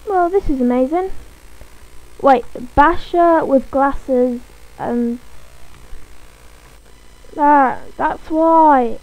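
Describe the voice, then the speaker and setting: A woman's voice: high-pitched, extremely slow, long pauses, poor audio. A woman recording playful, mock-dramatic gaming commentary while waiting on a call. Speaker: gaming video creator.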